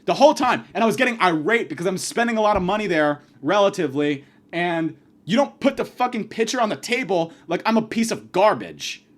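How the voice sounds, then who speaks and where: A man delivering a profane comedic rant, abrasive and insulting, swinging from yelling to muttering. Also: sits high. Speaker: comedic ranter.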